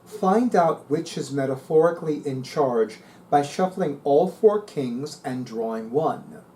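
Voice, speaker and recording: A middle-aged tarot reader with a fairly high but dark-toned voice reads tarot articles aloud, then muses on them in a casual, chatty way. There's slight background noise.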